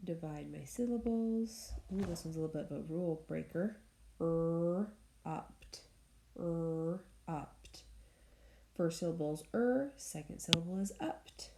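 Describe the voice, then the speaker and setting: A woman teacher leading a recorded phonics lesson for young students, speaking slowly and clearly and cheering them on as she sounds out words. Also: on the low side, expressive. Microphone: tablet screen recording. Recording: echoey room with faint noise.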